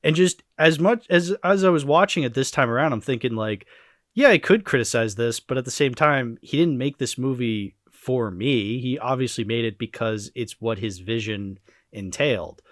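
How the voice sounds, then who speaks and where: A man's voice: medium pitch, normal speed, dry recording, studio quality. A young man hosting a casual movie podcast, rambling and restarting sentences, laughing often. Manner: rambling, self-correcting, frequent laughter. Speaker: podcast host.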